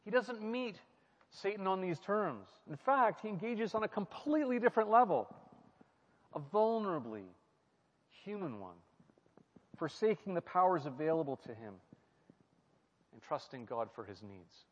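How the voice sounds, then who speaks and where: A man's voice: sits high, big pitch swings, normal speed, pauses often. A man preaching and teaching through a Bible passage, reflective, asking his listeners questions and repeating key phrases. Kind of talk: sermon-style Bible teaching. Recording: muffled sound with a long hall reverb.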